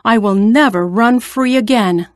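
A proud male lion who rules the jungle, speaking slowly and deep for a storybook, as a woman reader puts him on. The voice is dry and close, with little room around it. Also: no room sound, natural voice.

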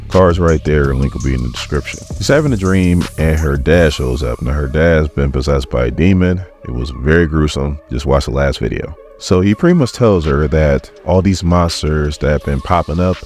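A man with a strikingly deep, low voice recaps a comic in a loose, chatty way, padding the story with casual fillers. Faint music runs quietly under his talk.

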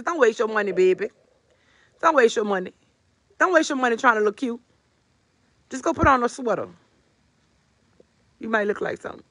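A woman's voice: fairly high pitch, animated, fast, long pauses, pushed and bright. A woman from New Orleans answering on a livestream with mocking, profane, repetitive taunts. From New Orleans, USA.

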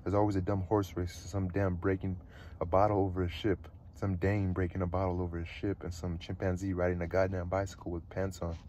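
A man's voice: sits low, a little fast, a little hiss or hum, lightly acted. A man reading a cynical, griping teenage boy. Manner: swearing, griping, rising to excited pleading.

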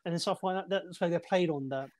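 A man's voice: high-pitched, a little fast, a little mellow. A man co-hosting a casual movie review chat, rambling through film trivia with restarts and fillers. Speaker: movie podcast co-host.

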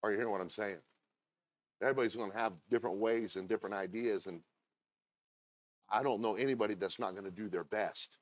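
A man preaching a sermon as pastor, talking conversationally with asides to the congregation and reading scripture slowly and deliberately. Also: on the low side, steady tone.

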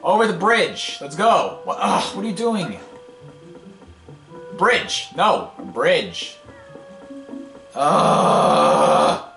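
Man, let's play host, animated pitch, rambling, echoey room, soft game music behind. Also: extremely slow, long pauses. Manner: impatient, wisecracking, rambling. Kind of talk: casual gameplay commentary.

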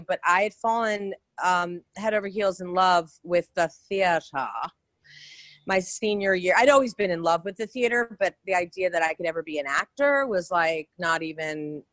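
With a lowish voice and no echo, this New York actress appears as a guest in a casual interview. Her anecdotes are chatty and animated, and she restarts often as she tells them.

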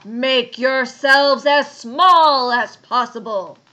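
A woman voicing a huge male bear with a deep, growly voice that booms out slowly. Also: pushed and bright, dull audio, full character voice. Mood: booming. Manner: slow, booming growl.

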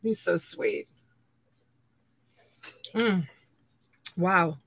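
Her voice low, breathy-edged and extremely slow, a fifties-aged woman runs a laid-back auction live stream. She welcomes viewers by name with warmth, laughs a lot, and addresses them as honey and sweetheart.

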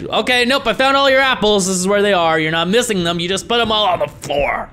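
A young man giving jokey, animated commentary while playing a horror video game, often swearing as he reacts. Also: sits high, brisk, hardly any pauses, slight background noise. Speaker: gaming YouTuber. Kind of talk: let's play commentary.

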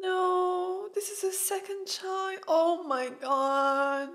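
A woman hosting a reaction video, talking emotionally and loudly to the screen, into a studio podcast mic. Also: extremely high pitch, fairly even intonation, extremely slow, soft background music. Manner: emotional, exclamatory, talks to the screen. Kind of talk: live reaction commentary.

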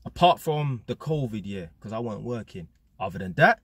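Young London-accented man, husky, dry close sound; casual blunt vlog monologue, heavy street slang. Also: fairly low pitch, expressive, normal speed, no room sound. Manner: London slang, blunt and emphatic, repeats "blood" and "fam". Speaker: vlogger. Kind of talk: casual motivational monologue to camera.

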